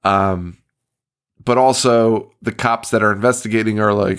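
Man, podcast co-host, casual chat, profane, laughs a lot, animated. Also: lowish voice, unhurried, vocal fry, long pauses, clear, resonant tone.

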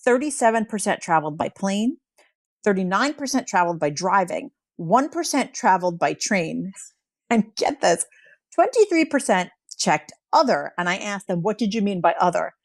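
A woman's voice: medium pitch, sing-song, normal speed, no echo. Chatty woman podcast host, dry sound. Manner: chatty, with fillers like "um" and "like", laughing easily. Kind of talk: casual chat presenting survey results.

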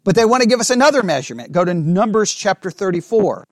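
A man leading a Bible study class, reading scripture aloud slowly and checking in with the group with frequent questions. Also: high-pitched, very animated, no echo, studio quality.

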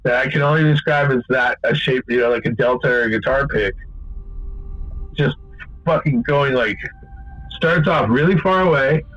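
A man's voice: medium pitch, moderate pace, pauses often, no room sound, lo-fi sound. Profane rambling male storyteller. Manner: profane, rambling, animated when quoting. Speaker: guest telling a story. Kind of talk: casual storytelling.

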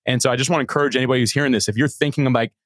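A middle-aged man, a podcast guest, telling a story in an animated, earnest way with many restarts. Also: mid-range voice, very fast, no echo. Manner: animated, earnest, frequent repeated starts. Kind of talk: conversational storytelling.

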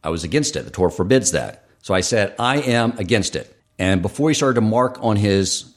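A man with a somewhat low-pitched voice hosts a podcast alone. He talks in an earnest, reflective way, working through his thoughts out loud and telling personal stories between his points. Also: animated, fairly quick. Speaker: podcast host.

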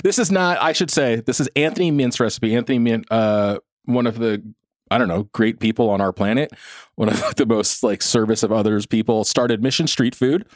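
A man's voice: mid-range voice, normal speed, dry recording, clean studio sound. A young man co-hosting a podcast in casual chat, laughing often and swearing offhandedly. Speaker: podcast co-host.

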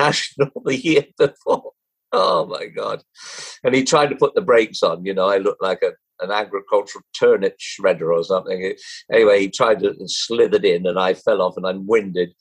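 An older Englishman, a former jockey who became a broadcaster, tells anecdotes as an interview guest, lively and chuckling, acting out quoted voices and restarting often. His voice is lowish and creaky with a breathy edge. The recording is low quality.

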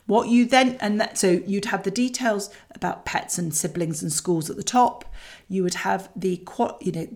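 A middle-aged woman, coaching parents in a chatty, candid way with lively asides. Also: on the low side. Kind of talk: talking to parents about a child exercise.

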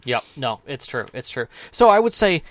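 A man's voice: mid-range voice, very animated, normal speed, a bit bright, no room sound. A man co-hosting a tabletop gaming podcast in casual chat, agreeable with lots of short backing replies. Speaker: podcast co-host and storyteller.

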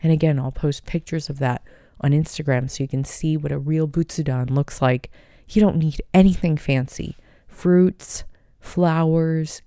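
A woman hosting her own podcast, speaking in a gentle, heartfelt, unhurried way. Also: deep voice, smooth, no echo, clean studio sound. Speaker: podcast host. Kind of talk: personal podcast talk.

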